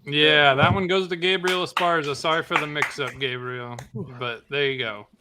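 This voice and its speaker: A man's voice: fairly high pitch, fairly even intonation, normal speed, very noisy. A man co-hosting a casual talk show who cracks dry jokes. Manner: dry wisecracks. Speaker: comic artist co-host. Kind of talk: casual chat.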